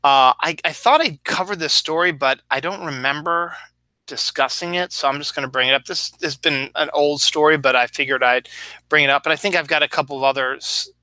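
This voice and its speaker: A man's voice: on the high side, brisk, pushed and bright, no room sound. A man hosting his own show in a loose, rambling solo chat, acting out little asides as he goes. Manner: rambling, chatty, acts out little quoted asides. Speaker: podcast host.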